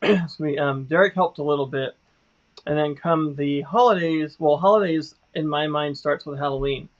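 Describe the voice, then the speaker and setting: Casual livestream co-host, man, talkative, fairly high voice, muffled audio. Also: moderate pace. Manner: chatty, laughs often. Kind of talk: casual chat.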